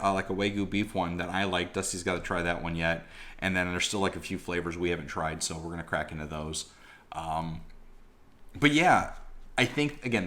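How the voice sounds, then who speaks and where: Male vlogger, deep voice, loose chatty delivery, lots of ums. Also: fairly bright tone. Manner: rambling, lots of fillers. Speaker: vlogger reviewing a convention. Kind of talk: casual rambling vlog.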